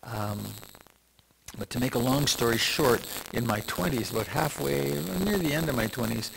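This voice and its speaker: A man's voice: mid-range voice, moderate pace, creaky, a bit bright, slight background noise, rough recording. An older man, a meditation teacher, giving a reflective, meandering dharma talk full of restarts and asides.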